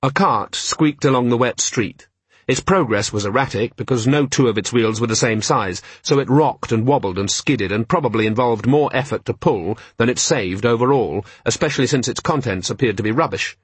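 A man narrating a novel in a measured, dry storytelling manner. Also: mid-range voice, husky, dry recording. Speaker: audiobook narrator. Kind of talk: scripted narration.

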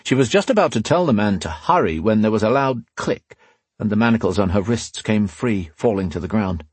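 A male audiobook narrator reads fantasy prose in a measured, dramatic way. His voice is low and husky. The close mic gives a dry, roomless sound. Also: lively intonation, dry recording.

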